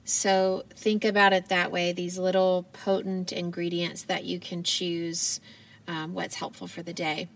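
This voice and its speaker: Earnest, gentle woman host in her thirties, reflective solo episode, voice a touch off-mic. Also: fairly low pitch, flat delivery, measured pace, far from the mic. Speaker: podcast host. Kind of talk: reflective solo podcast talk.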